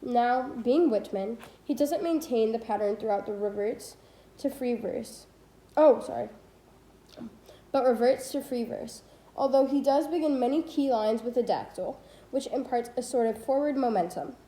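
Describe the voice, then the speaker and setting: A woman's voice: fairly high pitch, normal speed, mellow, reverberant, low-quality recording. A teenage girl reading a poetry textbook aloud, stopping to correct her slips and adding asides. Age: teens. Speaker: student reading a book aloud. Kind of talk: casual read-aloud of a textbook.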